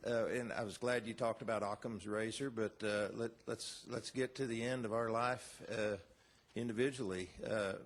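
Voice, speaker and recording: Man, lowish voice, hesitant senator asking a question from the floor. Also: creaky. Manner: halting, hesitant, many fillers.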